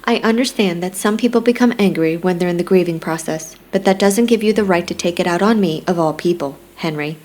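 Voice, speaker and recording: A woman's voice: lowish voice, fairly quick, hardly any pauses, lightly acted. A woman reading a chiding, loving mother. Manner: scolding, gently insistent. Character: loving, chiding Southern-town mother, middle-aged woman.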